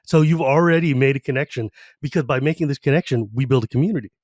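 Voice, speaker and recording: A man's voice: medium pitch, a little mellow, no echo, studio quality. A man hosting a podcast, chatting casually and enthusiastically, with lots of "like" asides as he tells stories. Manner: enthusiastic, fast-talking, full of "like" asides. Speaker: podcast host.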